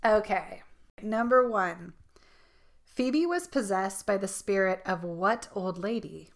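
A woman's voice: medium pitch, expressive, takes it slowly. Chatty woman podcast co-host. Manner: chatty, laughing, reads out trivia questions. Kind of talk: casual chat.

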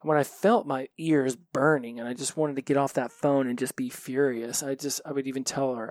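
A man's voice: mid-range voice, fairly even intonation, fairly quick, hardly any pauses, no room sound. Male podcast host, candid solo talk, cusses freely, mid-range voice, dry close sound. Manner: frank and reflective, swears freely.

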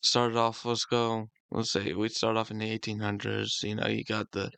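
Man, low smooth voice, dry close sound, easygoing podcast co-host. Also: monotone, normal speed, a bit bright, no echo. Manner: agreeable, short replies. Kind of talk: casual chat.

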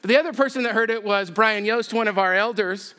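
A man preaching a sermon, telling a story with self-deprecating humor and an animated, chatty delivery. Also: high-pitched, fairly quick. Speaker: pastor. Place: church sanctuary.

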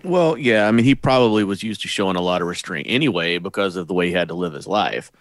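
Man co-host, thoughtful casual talk, hedges a lot, fairly low voice, dry sound. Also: animated, fast, dry recording. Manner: reflective, hedging with "I mean" and "you know". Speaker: podcast co-host. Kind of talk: casual chat.

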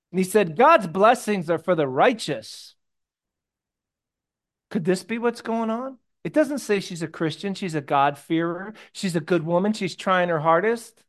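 A pastor with a high voice preaches a sermon in a conversational, animated way. He mixes jokey personal stories with hushed asides and sudden loud bursts.

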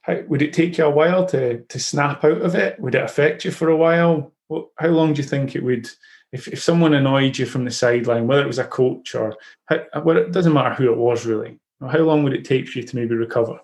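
A man's voice: mid-range voice, darkish tone. Man hosting a chat. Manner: reflective, halting with frequent restarts. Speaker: podcast host and football coach. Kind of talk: casual interview.

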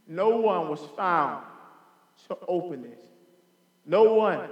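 A man preaching a sermon with a high-pitched voice that carries through a roomy hall with long reverb. He reads scripture aloud and builds fervor, breaking in with hallelujahs as he goes. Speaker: pastor.

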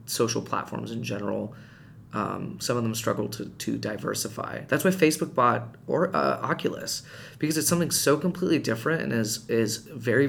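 Guy with a gravelly voice chatting on a podcast, lots of restarts, gets worked up retelling stuff. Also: mid-range voice, a little hiss or hum. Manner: animated, rises sharply when retelling heated moments; frequent restarts and fillers, conversational. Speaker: podcast guest. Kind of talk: casual storytelling chat.

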